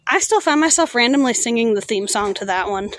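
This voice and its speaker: A woman in her thirties, a streamer, chatting casually while walking outdoors along a road, rambling and pausing often with fillers as she tries to recall things. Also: fairly high pitch, animated, fairly bright tone, dry recording, low-quality recording.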